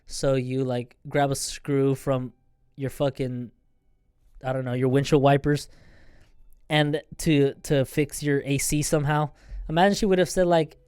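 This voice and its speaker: Young male podcast host, crude rambling storyteller, smooth voice, dry close sound. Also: medium pitch, level tone, unhurried, darkish tone, no echo. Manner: profane, rambling, laughing often. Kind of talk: casual storytelling.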